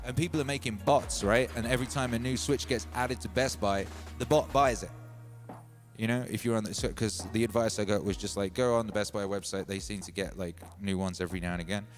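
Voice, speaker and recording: A man's voice: lowish voice, fairly even intonation, fairly quick, soft background music. A man hosting a livestream, telling a long, playful story in a rambling, slangy way. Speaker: livestream host. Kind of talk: casual storytelling monologue.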